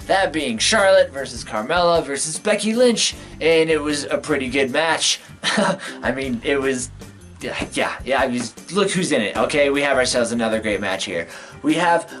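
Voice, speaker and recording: A man hosting a casual recap vlog, slangy and excitable, whose voice jumps up in pitch for emphasis. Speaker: video host.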